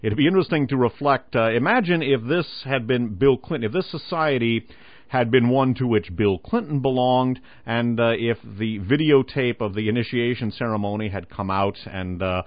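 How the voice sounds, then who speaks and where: A male radio host reading a newspaper article aloud with his own commentary in a measured, emphatic way. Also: medium pitch, dry recording. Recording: dull lo-fi radio broadcast.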